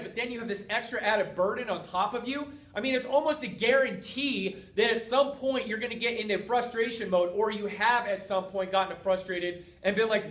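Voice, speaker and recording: A man hosting a motivational talk, speaking directly to his listeners in an energetic, coaching way. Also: high-pitched. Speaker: host. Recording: roomy, distant from mic.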